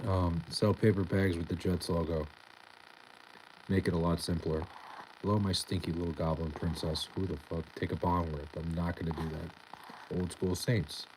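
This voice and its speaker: A young man casually reading out and answering chat on a live stream, laid-back and profane with a deadpan tone. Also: low voice, a little hiss or hum, low-quality recording.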